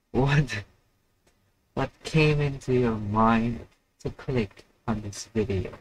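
A man's voice: mid-range voice, slight background noise, rough recording. A young man hosting a live stream alone, rambling and mocking himself while he waits for viewers. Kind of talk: casual solo live stream chat.

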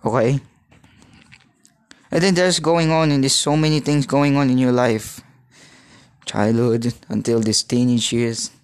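A man in his thirties, from the Philippines, talks alone on his podcast at a middling pitch. He wanders from thought to thought and stops and restarts often as he hunts for the right words. The recording is dry and close, with no room sound. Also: no room sound. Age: 30s. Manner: halting, searching for words, many restarts. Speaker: podcast host. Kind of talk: rambling solo podcast monologue.

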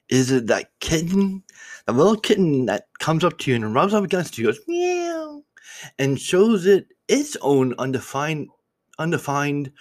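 A man's voice: medium pitch, dry recording. A man hosting an unscripted solo podcast, musing aloud in a reflective, rambling way and getting choked up, his voice trembling. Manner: reflective, rambling with restarts and repeated words. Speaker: podcast host.

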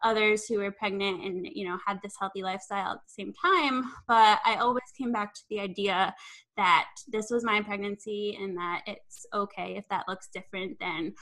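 A woman's voice: medium pitch, fairly even intonation, normal speed, sharp tone, low-quality recording. A young woman who works as an online fitness coach, a guest in an interview, speaking in an upbeat, encouraging way with frequent "um" and "you know". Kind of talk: conversational interview.

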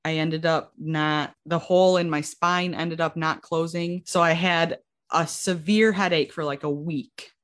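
A woman's voice: deep voice, unhurried. A young woman in her twenties casually telling her own story, acting out what people said and using lots of "like". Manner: animated, acts out quotes with lots of "like". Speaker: guest sharing her story.

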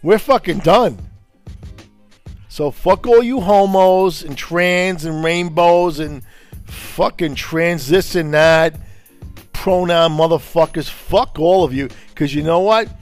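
A man's voice: a little high, slow pace, soft background music. Furious, cursing man. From Brooklyn, New York. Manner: furious, profane, confrontational. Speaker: podcast host. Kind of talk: angry profane rant.

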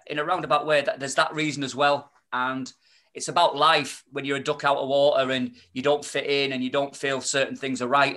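A man's voice: medium pitch, a bit bright. A man, chatting as a podcast guest, rambling with many restarts and fillers. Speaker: podcast guest, spoken-word performer. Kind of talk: casual podcast chat.

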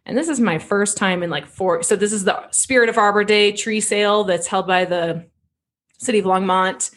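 A woman's voice: medium pitch, normal speed, fairly bright tone. A woman co-hosting a casual talk show, chatty and inquisitive, telling stories with animation. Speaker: podcast co-host. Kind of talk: casual chat.

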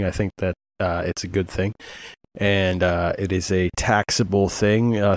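Rambling, profane man, low voice. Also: dry recording. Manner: rambling, profane, many fillers. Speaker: podcast host. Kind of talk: casual chat.

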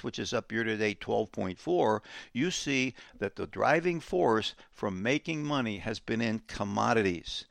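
A man hosting a financial talk show, explaining economics emphatically and repeating key words slowly for effect. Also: medium pitch, vocal fry, fairly bright tone, dry recording.

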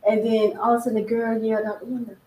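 Woman castmate, high-ish voice, easygoing storyteller. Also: flat delivery, rapid-fire, mellow. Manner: loose anecdotal storytelling. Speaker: podcast cast member. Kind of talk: casual chat. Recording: echoey room with faint noise.

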